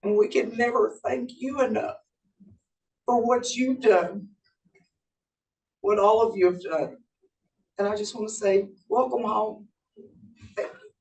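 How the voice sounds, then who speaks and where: A woman giving heartfelt, measured thanks as a guest speaker. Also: on the high side, fairly even intonation, darkish tone. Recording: distant mic.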